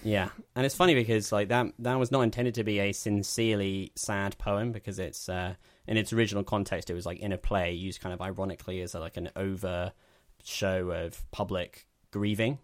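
A man hosting a film podcast in an easygoing, rambling way. His voice sits very low and he jokes in a dry, self-mocking tone. The sound is close and dry. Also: steady tone, fairly quick, hardly any pauses, dry recording. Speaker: podcast host. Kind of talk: casual chat.

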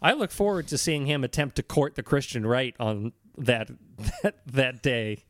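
A man co-hosting a comedy podcast in casual chat, sarcastic and quick to swear. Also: medium pitch, no echo. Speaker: podcast co-host.

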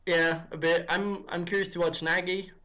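High-pitched, flat, and pushed bright, this man speaks at a moderate pace as a football podcast guest. He rambles chattily, restarting often and leaning on fillers such as "if you will."

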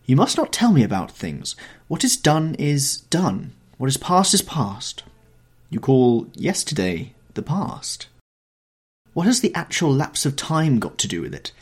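A man's voice: medium pitch, big pitch swings, measured pace, husky, voice pushed up. A man reading the part of a vain, callous young aesthete who talks in an airy, dismissive way. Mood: defiant.

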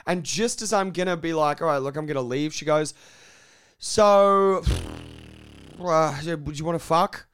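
Young male podcaster, smooth, clear voice, lively crude storytelling, slightly high pitch. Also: unhurried. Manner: animated storyteller, swears, acts out quotes. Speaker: podcast co-host. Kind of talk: casual storytelling.

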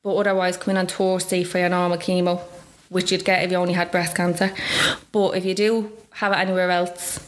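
A woman's voice: brisk, few pauses. A young Irish woman telling a personal story in casual chat, acting out what others said with big jumps in her voice. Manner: animated, acts out quoted speech with big pitch jumps. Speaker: guest.

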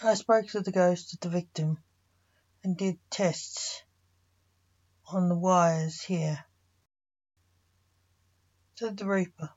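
A woman reading a fantasy story aloud, voicing all the characters in a mostly even narrating voice. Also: on the low side, slow pace, pauses often. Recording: muffled lo-fi recording.

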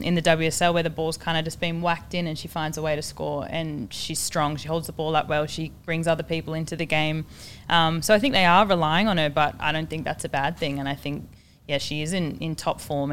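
Low-voiced Australian woman, thoughtful. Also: fairly bright tone, slight background noise. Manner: thoughtful, hedges with "I think". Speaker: guest, current player. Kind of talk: casual panel chat.

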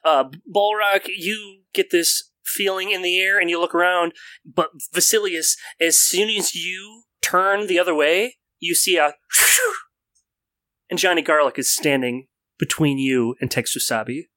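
A man's voice: high voice, a little slow, bright, forceful tone, no echo. A man narrating a tabletop game as game master, with crude joking banter.

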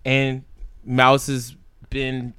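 A podcast co-host with a Philadelphia accent tells stories in a casual, profane chat, animatedly acting out what others said in put-on voices. His medium-pitched voice moves very slowly and smoothly, captured in a dry, clean studio recording.

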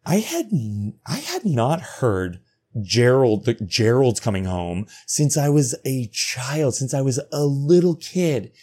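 A man's voice: medium pitch, very animated, slow pace, mellow, breathy edge. A man from Alberta, hosting a podcast and telling a personal story in a candid, profane way, acting out his own inner thoughts. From Alberta, Canada. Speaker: podcast host. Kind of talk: confessional storytelling monologue.

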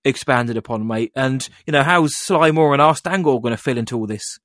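A man's voice: medium pitch, brisk, a bit bright, dry recording, clean studio sound. A man, co-hosting a casual fan podcast and recapping scenes in a chatty way, mocking the characters in put-on voices. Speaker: podcast co-host.

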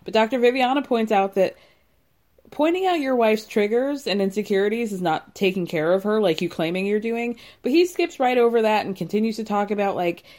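A woman's voice: medium pitch, lively intonation, a little fast, a little mellow. A woman hosting a podcast, recapping a reality show in casual, blunt and mocking commentary into a close mic. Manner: sarcastic, mocking and blunt, with filler "like".

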